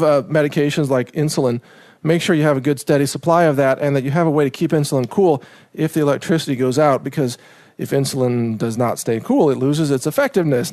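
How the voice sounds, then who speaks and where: A man's voice: on the high side, a little mellow, dry recording, studio quality. A man hosting a preparedness talk from Texas, casual, rambling and joking between tips. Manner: rambling, joking, self-promoting. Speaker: preparedness show host.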